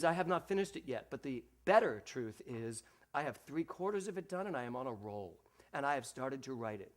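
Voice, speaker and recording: A man delivers a sermon to a congregation in a somewhat high voice that rises and falls in lively swings. He acts out the voices of the people he quotes and speaks straight to his listeners as he preaches. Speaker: minister.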